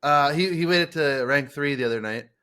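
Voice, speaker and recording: High-voiced casual podcast host, fired up. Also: male voice, brisk, clear, resonant tone. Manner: energetic, swears freely, many fillers. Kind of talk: casual gaming podcast chat.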